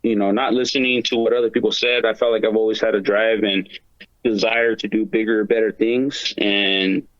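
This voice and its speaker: A laid-back man talks casually as a podcast guest, filling his speech with "dude" and "you know". His voice has a middling pitch. The recording sounds dull and lo-fi, and it is dry, with no room echo. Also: little pitch movement, moderate pace, a bit bright. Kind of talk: casual chat.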